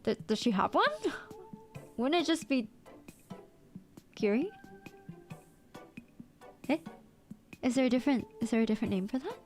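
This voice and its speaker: A woman with an American accent chatting casually on a livestream, excitable and playful, breaking into squeaky outbursts as she reads chat aloud. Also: moderate pace, pauses often, soft background music. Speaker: VTuber streamer.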